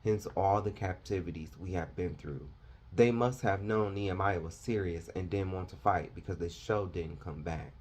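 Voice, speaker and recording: A male preacher lecturing with fire and confrontation. His voice sits low and comes out husky, hammering each point. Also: moderate pace, a little mellow. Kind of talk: sermon.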